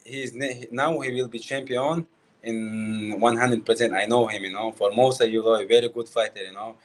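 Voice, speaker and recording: Man answering in halting non-native English. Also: mid-range voice, steady tone. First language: not English. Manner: halting non-native English, short broken phrases, many "you know"s. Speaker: guest fighter. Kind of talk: casual interview answers.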